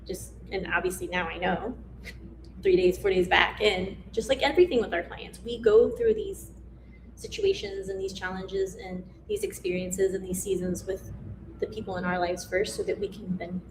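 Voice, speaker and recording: A woman who is a life coach and a mother chats casually and reflectively about her family on a live stream, rambling, trailing off and restarting sentences. Her voice is mid-range, with background noise and a roomy echo in the recording.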